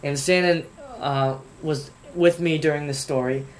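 A young man in college telling a funny story in casual chat, animated and rising to outraged bursts. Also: fairly high pitch, measured pace, slight background noise. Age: young adult. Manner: animated storyteller, voice jumps up when acting outraged.

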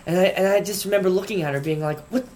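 A young man in college telling a funny story in casual chat, animated and rising to outraged bursts. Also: high voice, racing. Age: young adult. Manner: animated storyteller, voice jumps up when acting outraged.

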